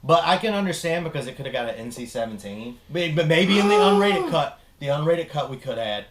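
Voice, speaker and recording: A man's voice: on the high side, animated, fairly quick. A man co-hosting a casual movie review chat, rambling and swearing as he retells scenes. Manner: rambling, profane, acts out scenes with voices. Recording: roomy echo.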